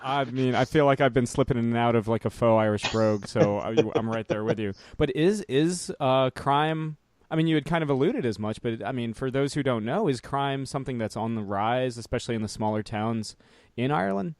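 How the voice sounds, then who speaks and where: A man's voice: medium pitch, brisk, darkish tone, no echo. A man hosting a casual interview, joking and asking hesitant questions. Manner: chatty, jokey, hesitant questions. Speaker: podcast host.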